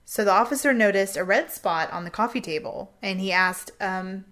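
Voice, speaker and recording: A woman's voice: medium pitch, moderate pace. A woman, casually telling a true crime story on a podcast and acting out what people said. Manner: animated retelling, acting out quotes with a Southern "y'all".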